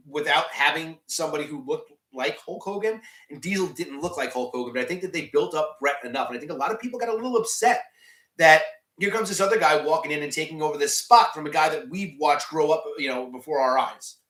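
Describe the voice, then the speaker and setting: A man's voice: a little high, fairly bright tone, echoey room. A man hosting a live stream, chatting casually and rambling as he answers chat, often restarting his sentences. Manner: rambling, many restarts and fillers, reads chat questions aloud.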